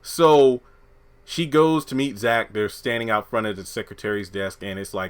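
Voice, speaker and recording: A man's voice: lowish voice, fairly even intonation, moderate pace, clean tone. A man giving a casual, slangy recap of a TV episode, acting out the characters' lines as he goes. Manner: chatty, slangy, acts out quotes from the show. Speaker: show reviewer.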